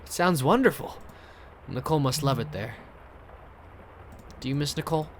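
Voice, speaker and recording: A man voicing a calm, kind young woman composer in a video game, in his own plain voice with gentle questions. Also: medium pitch, normal speed, a little hiss or hum, close to an everyday voice.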